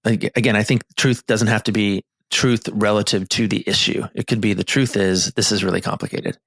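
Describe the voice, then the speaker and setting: Low-ish guy therapist explaining stuff earnestly, lots of ums and restarts, dry close sound. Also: steady tone, brisk, fairly bright tone, no echo. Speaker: marriage therapist and podcast co-host. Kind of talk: casual chat.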